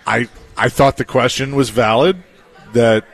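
A man co-hosting a casual sports talk show, relaxed and wry, telling his own stories. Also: medium pitch, measured pace, gravelly. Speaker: sports radio co-host.

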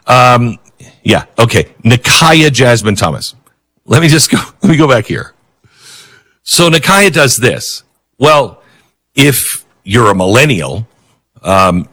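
Lively, bright-voiced male talk host. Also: mid-range voice. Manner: animated, sarcastic, chuckling. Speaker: political talk show host. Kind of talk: opinionated commentary.

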